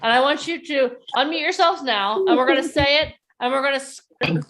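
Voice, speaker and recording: A woman coaching participants on a video call, leading a guided breathing exercise and then a motivational talk, speaking calmly and softly at first. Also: sits high, a little fast, slight background noise. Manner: calm and soft in the breathing part. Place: outdoors or near the street in a neighborhood.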